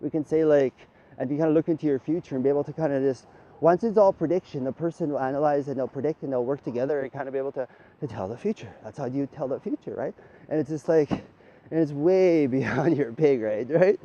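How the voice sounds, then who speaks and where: A man's voice: fairly high pitch, fast talker, warm tone, highs cut off. A man talking in a loose, rambling monologue, swearing freely and tagging his lines with "right?". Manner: rambling, profane, tags lines with "right?", laughs often.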